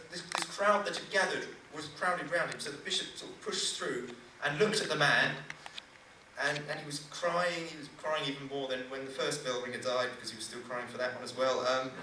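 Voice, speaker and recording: A young man rambles through a stand-up joke, stopping to mock his own mistakes. His voice sits slightly high. He is recorded from a distance in a very echoey hall with clear noise behind him. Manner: rambling, self-deprecating, loses the thread. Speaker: stand-up comedian. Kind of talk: live stand-up comedy. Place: large hall at a church event.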